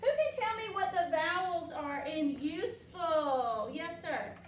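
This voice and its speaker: A woman teacher leading a classroom phonics lesson, upbeat and patient, drawing words out slowly for the children. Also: very high-pitched, lively intonation, a little hiss or hum. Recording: echoey classroom from far off.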